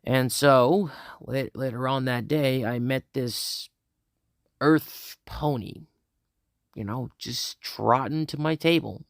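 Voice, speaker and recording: A man's voice: medium pitch, takes it slowly, creaky, dry recording, studio quality. A young man casually telling a first-person fan story, rambling with many restarts, sighs and laughs.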